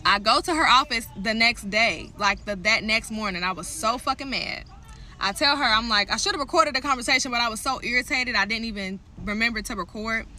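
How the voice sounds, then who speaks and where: A woman's voice: a little high, a little fast, pushed and bright. A young woman ranting to her viewers, telling an angry story full of swearing and heated asides. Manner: heated, profane, talks straight to viewers.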